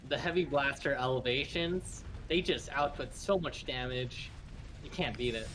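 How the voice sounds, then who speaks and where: A man co-casting a game tournament, giving short, relaxed analytic remarks. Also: mid-range voice, moderate pace, slight background noise, poor audio. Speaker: co-caster. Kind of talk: casual game commentary.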